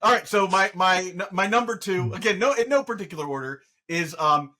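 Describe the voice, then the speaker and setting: A man co-hosting a podcast in casual chat, animated and joking with quick restarts. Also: high-pitched. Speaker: podcast co-host.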